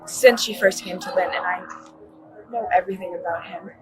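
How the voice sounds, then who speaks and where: A woman's voice: on the low side, steady tone, brisk, background noise. A young woman, a college student, telling a police officer what happened in a rambling way full of fillers and restarts, recorded on a bodycam. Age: young adult. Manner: rambling, filler-heavy, self-correcting. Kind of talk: recounting events to police.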